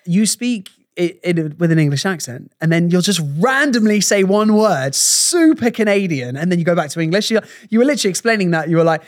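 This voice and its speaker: A man co-hosting a casual podcast, teasing his co-host and quick to laugh. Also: sits high, animated, no room sound, studio quality.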